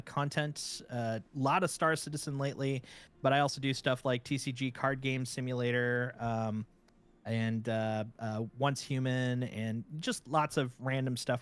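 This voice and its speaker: A man who is a guest streamer in a casual chat, talking in a relaxed way with many filler words. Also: medium pitch, clean tone, dry recording.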